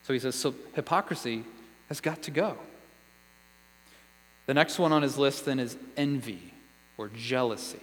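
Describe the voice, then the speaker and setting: A man's voice: mid-range voice, normal speed, pauses often, a bit bright, in a large hall, poor audio. A man preaching a sermon as a pastor, earnest and conversational, asking the listeners one question after another.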